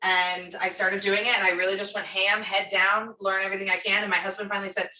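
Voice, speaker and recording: Bright, animated woman coach, roomy sound. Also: mid-range voice, fast. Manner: animated storyteller who acts out voices. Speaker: business coach. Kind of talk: casual workshop teaching. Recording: roomy sound from a distant mic.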